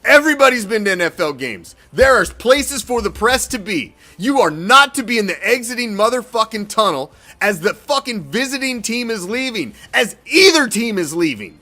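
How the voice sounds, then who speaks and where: A man's voice: sits high, sing-song, moderate pace, few pauses, pushed and bright. A man hosting a sports fan show, ranting heatedly and swearing in an exasperated way. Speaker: sports podcast host. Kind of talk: profane fan reaction rant.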